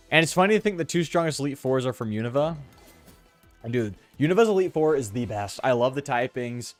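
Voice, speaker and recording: A man's voice: mid-range voice, dry recording. A man doing casual, jokey commentary while he plays a game, using crude slang and reading the on-screen text aloud. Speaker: let's play streamer.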